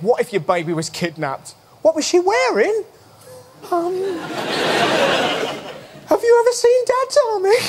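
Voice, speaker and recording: A man's voice: high-pitched, very noisy. A man hosting a topical comedy show, delivering a cheeky, mocking monologue with sudden voiced asides. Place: television studio stage before a live audience. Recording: studio audience roaring with laughter.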